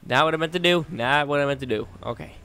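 A gaming channel host gives live commentary on his gameplay, talking to himself and the game as he swings from low muttering to exasperated outbursts. He talks fast with a sharp tone, and there's slight background noise.

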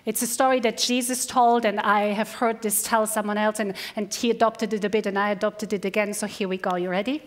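A woman pastor preaching a sermon in church, earnest, slowing down to stress key words. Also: mid-range voice, little pitch movement. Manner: earnest, slows down for emphasis. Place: church service.

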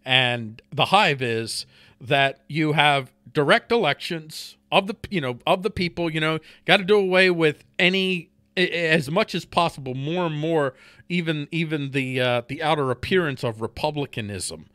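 A man's voice: on the high side, normal speed, pushed and bright, no room sound. A man hosting a podcast, delivering a profane political rant in a heated way, stumbling over and repeating words and laughing between points. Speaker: podcast host.

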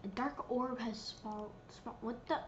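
A woman's voice: fairly high pitch, slow, highs cut off, slight background noise. A woman giving casual, playful commentary while she plays a video game, giggling and reading menu options aloud. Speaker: gameplay streamer.

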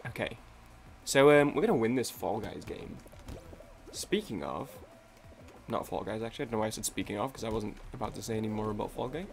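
A man's voice: fairly low pitch, lively intonation, fairly quick, vocal fry, over music. A young man rambling casually while playing a video game, swearing and often cutting himself off mid-sentence. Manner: rambling, self-interrupting, swears freely. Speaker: gaming YouTuber.

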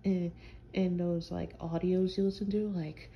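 A woman playing a gravelly teasing vampire boyfriend. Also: on the low side, flat delivery, unhurried, dull audio, a little hiss or hum. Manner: teasing, playful, drawling slang. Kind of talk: listener role-play audio.

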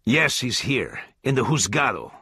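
A man's voice: mid-range voice, sing-song, measured pace, bright, forceful tone, slightly rough, no room sound, studio quality, voice pushed up, exaggerated voice. A man voicing a hard, menacing gang leader who repeats blunt demands without letting up. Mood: cold, demanding.

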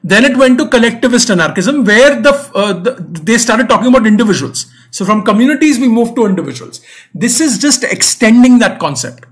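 High-voiced man teaching a reading passage. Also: expressive, brisk, fairly bright tone. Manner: patient, repetitive explaining with frequent "right?" and "okay?" checks. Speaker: exam prep teacher. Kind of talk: online lecture explaining a reading passage.

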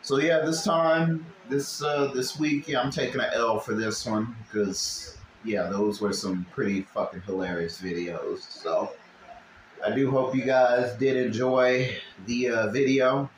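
Brief: male reaction host, loud laughing outbursts, lots of swearing, unhurried delivery. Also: mid-range voice, fairly even intonation. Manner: laughs often, swears freely, loud bursts. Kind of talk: casual reaction commentary. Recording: echoey room with faint background noise.

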